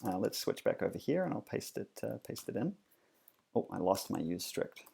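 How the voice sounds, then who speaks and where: A man talks through a coding tutorial in a relaxed, explanatory way, often pausing with fillers and correcting himself. His voice sits on the low side and has a gravelly, creaky edge. He sounds like he is recording a screencast at his desk. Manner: casual, explanatory, frequent fillers and self-corrections. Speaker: instructor.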